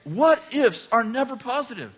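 An older man preaching a sermon, telling a personal story with animated swings from hushed asides to near shouts. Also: very high voice, moderate pace, slightly rough. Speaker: pastor.

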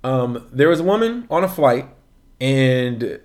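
A male host in casual conversation, relaxed and loose, who lets his thoughts run on. His voice sits in an ordinary middle register. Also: mid-range voice, unhurried. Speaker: podcast host. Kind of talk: casual chat.

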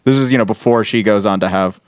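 Low, smooth-voiced man recapping with energy. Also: no echo, studio quality. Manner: animated storyteller, quoting characters in quick bursts. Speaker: podcast host. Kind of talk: casual chat recapping a TV episode.

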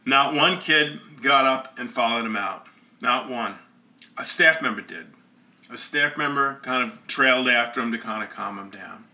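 A man's voice: mid-range voice, unhurried, sharp tone. A man telling a personal story in an earnest, conversational way.

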